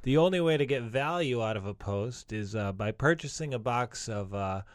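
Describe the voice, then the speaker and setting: A New man co-hosts a casual podcast and drops goofy asides in a deadpan way. His voice sits at a middle pitch for a man. It is recorded close and dry. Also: normal speed, no echo.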